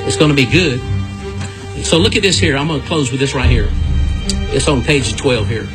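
A man's voice: medium pitch, expressive, normal speed, over music. A man giving a folksy, repetitive Bible lesson on a radio program.

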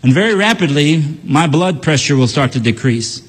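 A man's voice: fairly high pitch, expressive, normal speed, husky, long reverb tail. A man preaching a sermon in an earnest, emphatic way, repeating key phrases and telling a story.

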